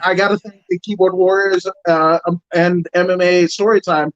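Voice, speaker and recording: A man's voice: high voice, fairly even intonation, moderate pace, a bit bright, no echo, muffled recording. A man on as a podcast guest, rambling in casual chat, swearing constantly and restarting his sentences. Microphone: home mic over streaming software.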